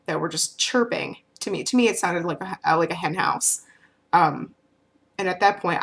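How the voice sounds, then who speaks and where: Chatty woman telling a story. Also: fairly low pitch. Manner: chatty, rambling with fillers and restarts. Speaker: vlogger. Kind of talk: casual storytelling to camera.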